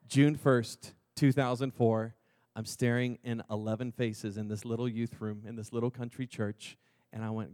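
A man preaching a testimony sermon, moving from hushed, slow moments to loud, excited storytelling. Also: medium pitch, dry recording, clean studio sound. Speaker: pastor.

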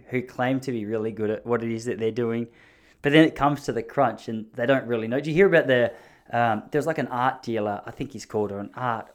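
A young Australian man chatting casually on his own, rambling and swearing, laughing easily, with his pitch jumping when he is amused. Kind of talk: casual monologue.

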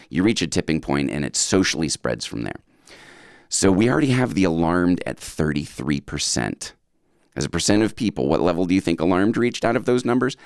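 A man's voice: low voice, creaky, no room sound, clean studio sound. A man hosting a radio show, talking casually and quizzing listeners with rhetorical questions. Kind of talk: casual radio talk with a quiz.

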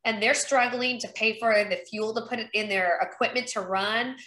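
A woman's voice: on the high side, steady tone, normal speed, pushed and bright. A woman running for Congress, talking in an upbeat, chatty way in a casual interview. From North Carolina. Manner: upbeat and chatty, acts out quoted conversations. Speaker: congressional candidate. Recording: roomy echo.

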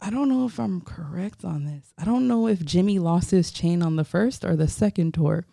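A woman's voice: lowish voice, moderate pace, creaky, few pauses, dry recording. A young woman from Florida, a photographer, telling stories in a casual interview, full of "like" and acting out the voices of people she quotes. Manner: animated, acts out quoted voices, many "like" fillers. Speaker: photographer guest.

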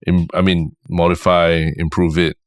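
A man's voice: sits low, flat delivery, moderate pace, no room sound, clean studio sound. A man with a Singaporean English accent, hosting a casual podcast chat and asking follow-up questions. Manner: attentive, frequent murmured agreement. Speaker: podcast host.

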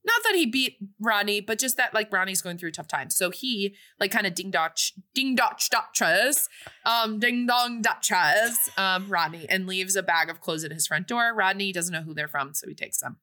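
A woman casually retelling a film's plot on a podcast, animated and breezy. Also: mid-range voice, moderate pace. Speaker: podcast co-host recapping a film. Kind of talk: casual recap chat.

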